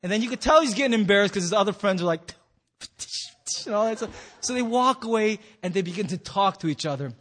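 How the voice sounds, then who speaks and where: A man's voice: sits high, animated, fast, a bit bright. A man preaching as a pastor in a church hall, telling a story with playful acted-out quotes. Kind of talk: sermon.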